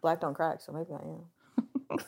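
A woman's voice: sits low, level tone, normal speed, creaky, a little mellow, slight background noise. Rambling woman podcast co-host. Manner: rambling, trails off and restarts. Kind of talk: casual chat.

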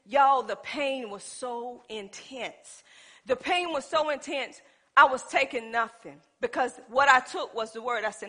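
High bright-voiced woman preacher. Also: unhurried. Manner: storytelling preacher, swings from loud to hushed, laughing asides to the congregation. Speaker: pastor. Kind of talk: sermon. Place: church.

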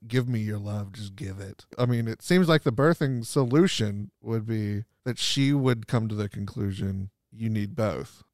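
Man, fairly low voice, podcast co-host, probing film analysis, dry sound. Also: creaky, darkish tone, no echo. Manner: probing, restarts, asks questions. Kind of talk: casual movie discussion.

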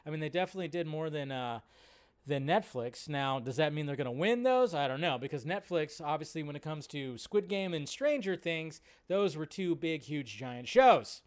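A man's voice: on the high side, clear, resonant tone. A man hosting a casual live-stream chat, rambling and often cutting himself off as he reads out viewer questions. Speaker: host.

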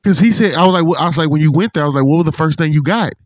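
A man in casual chat with a friend, an animated, profane storyteller who acts out what others said. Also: fairly high pitch, racing, no room sound, dull audio. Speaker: podcast co-host.

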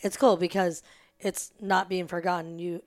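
A woman's voice: on the low side, little pitch movement, normal speed. A woman hosting a casual interview, asking chatty, curious questions. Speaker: host.

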